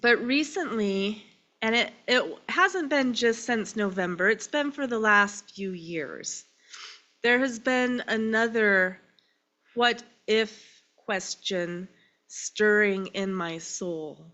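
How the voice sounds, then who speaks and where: A woman minister preaching a sermon. She is crying and speaks in short phrases with pauses. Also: mid-range voice, animated, bright, forceful tone. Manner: slow, emotional and tearful, with pauses between phrases.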